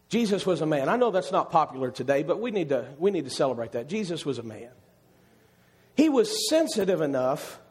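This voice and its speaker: A male preacher delivering an impassioned sermon, repeating his phrases and building up to shouted climaxes. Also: very high-pitched.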